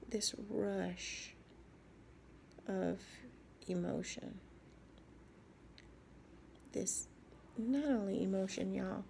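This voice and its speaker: A woman speaking in a halting, soft personal video diary, often dropping to a whisper and repeating herself as she searches for words. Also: medium pitch, gravelly, slight background noise. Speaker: vlogger.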